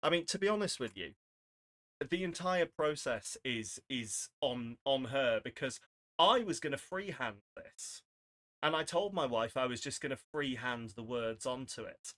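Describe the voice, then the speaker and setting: A man's voice: medium pitch, expressive, measured pace, fairly bright tone. A young man chatting casually on a charity live stream, rambling and self-deprecating. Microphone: desk microphone.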